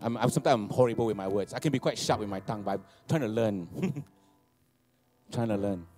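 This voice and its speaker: A man, preaching a sermon, animated and laughing, repeating phrases and asking for amens. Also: lowish voice, a little fast. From Malaysia. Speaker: pastor. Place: church hall.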